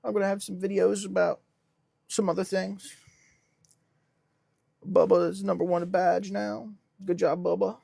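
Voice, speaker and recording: A young man hosting a casual livestream, reading comments with a deadpan businessman act. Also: sits high, unhurried, gravelly, pauses often, no room sound, clean studio sound. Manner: deadpan self-styled businessman persona. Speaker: livestream host.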